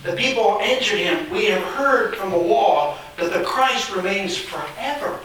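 A man's voice: high voice, lively intonation, a little slow, hardly any pauses, a bit bright, recorded from a distance, slight background noise. A man preaching a sermon, emphatic and repetitive, reading scripture aloud in a church hall. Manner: emphatic, repeats phrases, reads scripture aloud. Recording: very echoey room, voice off-mic.

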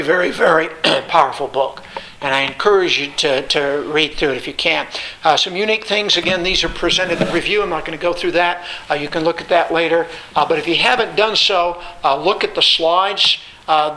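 A male Bible teacher gives a study lecture in a fairly high voice. His tone is bright and forceful. He repeats phrases for emphasis and stops often on filler sounds, with faint noise behind him. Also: rough recording.

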